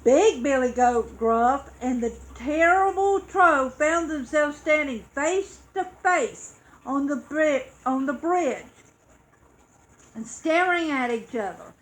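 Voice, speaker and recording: High bright lady slowly reading a kids' story, super expressive with sound effects. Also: rough recording.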